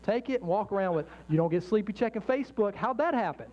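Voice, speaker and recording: A man's voice: high-pitched, expressive, fast talker. A middle-aged man preaching a sermon as a pastor, earnest and conversational, mixing jokes and acted-out inner voices. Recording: dull lo-fi sound with faint mains hum.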